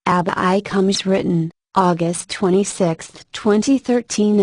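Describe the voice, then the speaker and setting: A woman reads devotional prophecy in a calm, tender and measured voice. Her pitch sits in an ordinary middle range, and the recording is dry and close, with almost no room sound. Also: no echo, rough recording. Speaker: reader of devotional messages.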